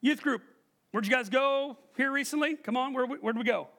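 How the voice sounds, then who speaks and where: A man preaching a sermon, telling a personal story in an animated way and quizzing the congregation. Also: very high voice, normal speed. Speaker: pastor.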